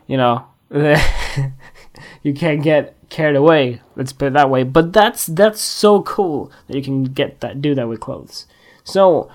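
A casual solo podcaster, a working photographer, who thinks out loud. The talk wanders and restarts, breaks into giggles and silly asides, then drifts back on topic. The pitch sits mid-range.

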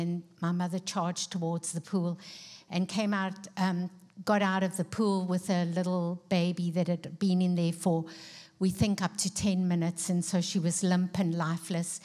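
A woman's voice: fairly low pitch, level tone, moderate pace, a little mellow. Middle-aged South African woman telling a story. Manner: earnest storytelling with frequent ums. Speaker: guest speaker and author. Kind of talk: personal testimony in a church service. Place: church.

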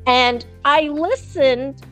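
Animated, high-voiced gossiping woman. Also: drawn-out words, faint music behind. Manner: animated storytelling, swears freely, acts out others' quotes. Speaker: podcast guest. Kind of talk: casual gossip chat.

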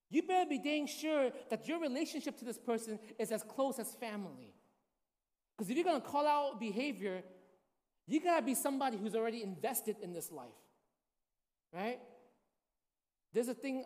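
A woman's voice: fairly high pitch, darkish tone. A woman pastor giving a casual, storytelling sermon, often checking in with the congregation. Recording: long hall reverb.

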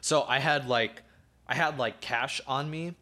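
Young man, bright forceful voice, casual storytelling, slangy, swears a lot. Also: mid-range voice, unhurried. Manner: loose, slangy, peppered with swearing and fillers. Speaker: podcast co-host telling a story.

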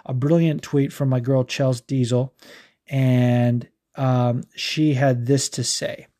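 A man's voice: medium pitch, flat delivery, takes it slowly, mellow. Heated profane man hosting a podcast. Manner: heated, profane, stumbling restarts. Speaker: podcast host. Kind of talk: casual ranting podcast talk.

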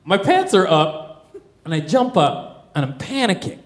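Male stand-up storyteller, lively swooping pitch, unhurried, profane, laughing as he goes. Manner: animated, profane, often laughing through lines. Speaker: comedian.

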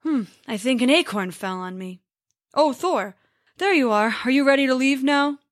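Big sleepy giant guy mumbling along, woman putting him on, kinda high, no room sound. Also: dry recording, studio quality, natural voice. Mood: drowsy. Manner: slow, drowsy mumbling. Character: huge sleepy good-natured male giant.

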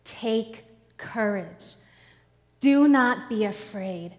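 Woman preacher voicing a gentle male healer, tender, slow, reverberant hall. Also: medium pitch, lively intonation.

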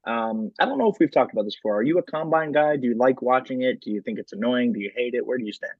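A man's voice: medium pitch, lively intonation, fast talker, dry recording, narrow, tinny audio. A man co-hosting a podcast, chatting casually about sports and leaning on lots of filler words. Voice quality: frequent filler words and restarts. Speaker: podcast co-host.

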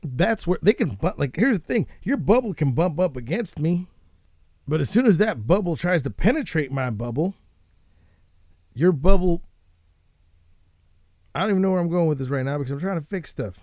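A man hosting a casual show, ranting and swearing in a rambling, animated way. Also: on the high side, moderate pace, pauses often, no room sound, studio quality. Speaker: podcast host.

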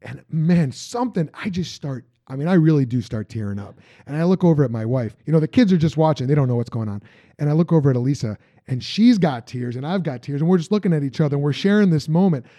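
A man hosting a podcast, chatting casually and haltingly, often restarting sentences. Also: fairly high pitch, animated, mellow, dry recording. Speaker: podcast host. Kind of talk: casual interview chat. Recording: dull lo-fi sound.

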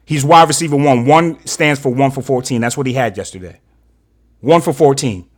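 A man's voice: medium pitch, moderate pace. Furious ranting sports fan, man. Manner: angry, profane ranting, rising to shouts. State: fired up and frustrated. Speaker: sports podcast co-host. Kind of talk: heated casual sports rant.

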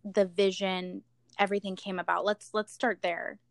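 A woman's voice: medium pitch, level tone, normal speed, gravelly, no room sound. A woman hosting a podcast in casual chat, talking effusively and leaning on lots of fillers. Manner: gushing, filler-heavy, with lots of "like". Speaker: podcast host.

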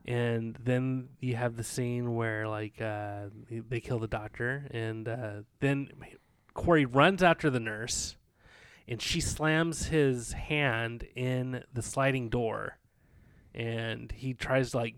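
A man talks through a movie plot in loose, meandering fashion, leaning on "um" and "like" as he goes. His voice is smooth and clear, recorded close and dry with no room sound. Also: medium pitch, steady tone, slow pace, no echo. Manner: rambling, filler-heavy storytelling. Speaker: podcast co-host. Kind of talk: casual chat recapping a film.

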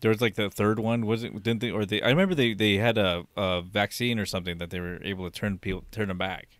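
Fast-talking low-voiced man. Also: steady tone, fairly bright tone, dry recording. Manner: quick, halting, loose phrasing. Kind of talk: casual chat about TV shows.

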